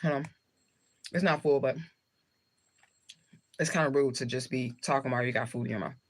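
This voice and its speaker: Eating as she talks, a Southern US woman hosting a livestream rambles loosely in casual chat with viewers. Her voice is extremely low-pitched, at a normal speed.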